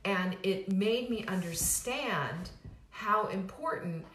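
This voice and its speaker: A middle-aged woman giving a motivational talk as host of her own program. She speaks emphatically and casually, often restarting her sentences and repeating phrases for effect. Her voice sits at an ordinary pitch and rings in a roomy space. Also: slow, fairly bright tone, slight background noise. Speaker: weight-loss program host. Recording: roomy echo.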